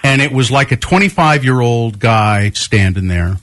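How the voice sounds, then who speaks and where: A man's voice: medium pitch, normal speed. A man co-hosting a radio show, telling stories in casual banter and acting out the quotes. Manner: animated storyteller with voiced quotes. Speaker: radio co-host.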